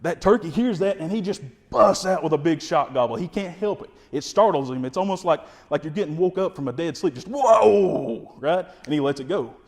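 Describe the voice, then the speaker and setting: A man with a Kentucky accent, explaining turkey calling in a folksy, energetic way and imitating the birds. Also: fairly high pitch, brisk, hardly any pauses, big-room sound. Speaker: wildlife information specialist. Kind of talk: instructional explanation.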